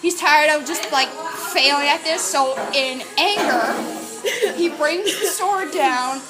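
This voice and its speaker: A young woman narrating as game master of a tabletop game, casual and halting, often breaking into laughter. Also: high-pitched. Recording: loud crowd chatter and music behind.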